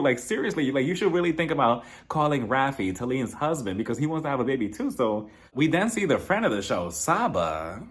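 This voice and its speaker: A man's voice: medium pitch, sing-song, brisk, hardly any pauses. A man hosting a casual, gossipy recap of a reality TV episode, chatting and acting out what people said in playful voices. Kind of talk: casual episode review commentary.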